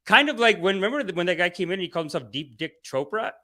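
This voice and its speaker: Bright-voiced joking male livestream host. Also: high voice. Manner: joking, tangent-prone, reads viewer comments aloud. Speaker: comedian and show host. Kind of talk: rambling livestream chat.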